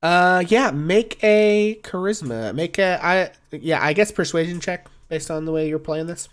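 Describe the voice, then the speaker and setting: A man's voice: high voice, a little slow, clean tone. A young man running a tabletop game as game master, easygoing and hesitant. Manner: easygoing, hesitant, many fillers.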